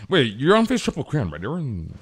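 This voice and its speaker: A man's voice: medium pitch, wildly swooping pitch, brisk, breathy edge. A young man streaming a game, chatting casually in slang and often stumbling over repeated words. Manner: stammering repeats, slangy, reads chat aloud. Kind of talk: casual live-stream chat while gaming.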